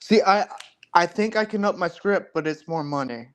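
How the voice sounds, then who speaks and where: A man with a fairly high voice joins a casual live chat as co-host. He mostly gives short replies and reads out viewer comments. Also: animated, moderate pace, fairly bright tone, clear, resonant tone.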